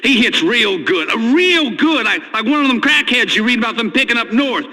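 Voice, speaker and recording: A man's voice: very high voice, animated, fairly quick, sharp tone, big-room sound, heavily acted, rough recording. An actor playing a timid, stammering rural father calling in to a radio show. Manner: stammering, hesitant. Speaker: caller.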